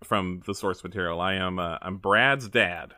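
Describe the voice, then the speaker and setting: A man's voice: sits low, moderate pace, pushed and bright, no echo, clean studio sound. A man player on a tabletop game podcast, hesitant with stammered restarts and wry remarks. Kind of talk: casual podcast chat.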